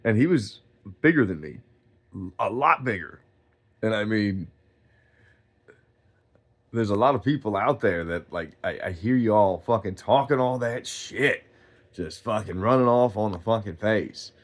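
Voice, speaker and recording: A man's voice: on the low side, expressive, measured pace, pauses often. A man telling a rambling story in a casual, profane rant. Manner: profane, rambling storytelling, loud when reenacting quotes. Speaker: streamer.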